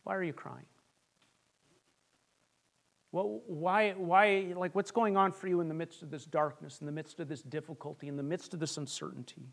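This pastor, a man with a notably high voice, preaches earnestly and conversationally in a steady tone, a little fast, with vocal fry and few pauses. After repeated stumbling restarts, he softens to a hushed tone for his key lines.

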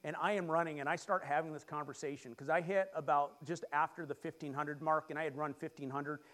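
A middle-aged man preaches in a church with a high, bright voice. He keeps the sermon lively, jokes with the congregation and leads them in call-and-response. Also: brisk. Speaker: pastor. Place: church sanctuary.

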